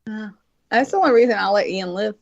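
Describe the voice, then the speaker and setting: A woman's voice: medium pitch, quick pace, vocal fry, no room sound, highs cut off. A woman co-host telling stories in casual chat, blunt, profane and mocking.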